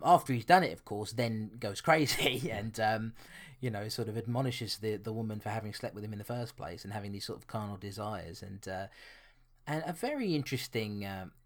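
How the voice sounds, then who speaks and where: A man, co-hosting a podcast, talking through a horror film in a chatty, hesitant way with many restarts. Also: on the low side. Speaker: podcast co-host. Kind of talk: casual film review chat.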